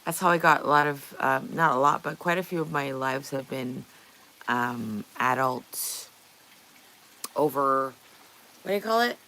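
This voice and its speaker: A woman's voice: very deep voice, unhurried, long pauses, sharp tone, rough recording. A woman livestreamer chatting casually with her viewers, reading their messages aloud, playful and often laughing.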